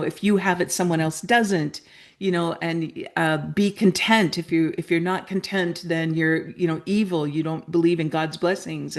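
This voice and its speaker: A woman's voice: low voice, gravelly. A middle-aged woman from Canada, a guest telling her story earnestly and acting out the dialogue she quotes. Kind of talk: storytelling interview talk.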